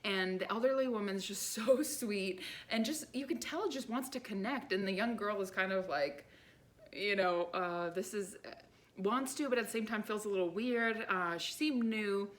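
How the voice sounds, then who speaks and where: A woman life coach telling a story to camera in an animated, chatty way, full of "like" and "right?". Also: medium pitch, moderate pace.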